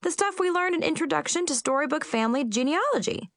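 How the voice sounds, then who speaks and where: A woman voicing a cheerful little male Munchkin schoolboy who talks eagerly and excitedly in a storybook reading. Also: high voice, fast talker, no echo, studio quality, voice pushed up.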